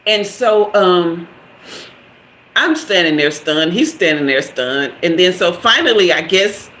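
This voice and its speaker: A woman in her fifties telling a lively personal story to her live-stream viewers, laughing often and talking straight to them. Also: lowish voice, unhurried. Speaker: host of a live tarot stream. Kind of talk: casual storytelling to a live chat. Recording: echoey room with faint background hiss.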